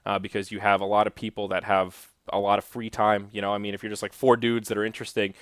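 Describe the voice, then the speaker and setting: A man's voice: fairly low pitch, monotone, fast, fairly bright tone, no echo, studio quality. A young man hosting a solo podcast, chatting casually and loosely, with frequent swearing and asides to his chat. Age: young adult. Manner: rambling, profane, talks to chat. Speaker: podcast host.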